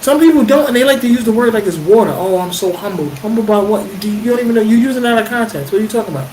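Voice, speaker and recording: A man's voice: extremely high pitch, expressive, very fast, a little mellow. A man co-hosting a casual podcast, giving emphatic, opinionated comments. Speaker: podcast co-host. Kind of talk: casual chat. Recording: echoey room with faint noise.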